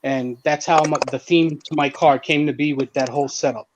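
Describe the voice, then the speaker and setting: A man's voice: moderate pace, noisy background. A man telling a story on a casual car podcast as a guest, swearing freely and acting out what others said. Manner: animated, swears freely, acts out quotes in a higher voice.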